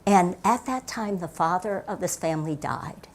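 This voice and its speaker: A woman's voice: fairly low pitch, moderate pace, a little mellow. An older woman pastor giving a reflective sermon in a church, reading scripture and telling stories, often dropping her voice to near whispers for emphasis. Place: church sanctuary.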